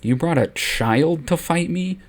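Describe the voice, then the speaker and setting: A man's voice: a little high, expressive, unhurried, voice pushed up. A man voicing a smug, scheming male Sith lord politician in a comedic audio parody, in a matter-of-fact tone.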